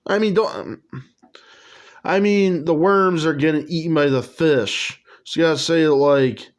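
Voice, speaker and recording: A man's voice: fairly high pitch, a little slow. A man reading his own comic aloud in a casual way, with rambling, crude asides. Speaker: comic reader.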